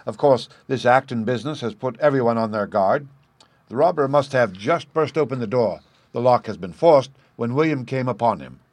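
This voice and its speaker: A man's voice: mid-range voice, lively intonation, moderate pace, a little mellow, dry recording, natural voice. A man voicing a keen young police inspector who reports details in a polite, businesslike way, in an audiobook reading.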